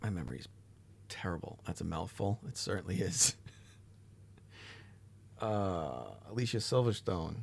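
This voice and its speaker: A man's voice: deep voice, very animated, a little slow, gravelly, long pauses, breathy edge. A tired man hosting a livestream, chatting casually with his chat, rambling and swearing now and then. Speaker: livestream host. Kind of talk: casual chat reading live chat.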